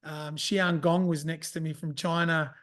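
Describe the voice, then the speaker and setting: Aussie guy rambling on a podcast, kinda high voice, swears a lot. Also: flat delivery, unhurried, a bit bright. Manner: rambling, swears, acts out his own thoughts. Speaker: podcast guest. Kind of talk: casual chat.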